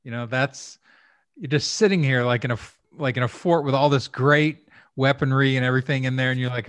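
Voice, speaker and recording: A man's voice: medium pitch, fairly quick, fairly bright tone, no echo. A man hosting a conversation, rambling and thinking aloud with restarts and repeated words. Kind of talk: conversational interview.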